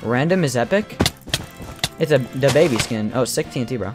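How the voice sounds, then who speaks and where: A young gamer casually chatting and teasing a teammate during an online match, breaking into excited yells. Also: mid-range voice, a little fast, music in the background. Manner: teasing, jokey, bursts of excited yelling. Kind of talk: casual gaming chat.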